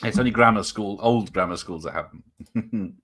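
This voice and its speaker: A man's voice: on the low side, moderate pace, fairly bright tone, breathy edge. A man chatting casually and joking on a movie watch-party stream, laughing often. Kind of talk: casual chat.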